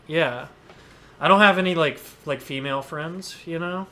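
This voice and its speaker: Bright-voiced self-deprecating male podcast host. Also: on the high side, normal speed, slight background noise. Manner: self-deprecating, laughs often. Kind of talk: casual chat.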